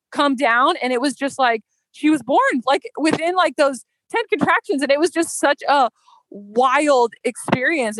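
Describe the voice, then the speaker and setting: A woman's voice: on the high side, a bit bright, no room sound, rough recording. An American woman telling a personal story in a casual, heartfelt way, full of fillers and growing emotional. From United States. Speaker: podcast guest.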